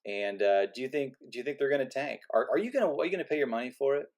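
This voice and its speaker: A man's voice: medium pitch, animated, rapid-fire, a little mellow. A man delivering a sarcastic, rambling movie rant to his viewers, often restarting his sentences. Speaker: movie vlogger. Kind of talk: opinionated rant to camera.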